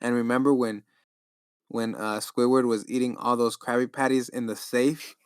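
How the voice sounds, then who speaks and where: A man's voice: medium pitch, flat delivery, moderate pace, clean tone, dry recording. A man co-hosting a podcast, laid-back, chatting and making up a story. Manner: laid-back, says dude often. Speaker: podcast co-host. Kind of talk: casual chat and improvised storytelling.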